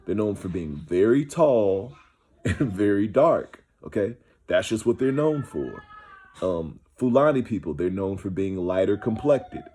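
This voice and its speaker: A man's voice: on the low side, lively intonation, unhurried, warm tone, slightly rough. A man giving a casual, rambling spoken teaching who keeps checking in with his listeners. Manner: many fillers and restarts. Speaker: online Bible teacher.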